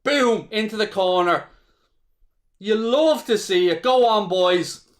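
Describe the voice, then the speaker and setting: A man from Ireland with an Irish accent hosts a live football watchalong, calling the action as a fan, swearing freely and chatting with viewers. His voice is high and slow, with lively intonation.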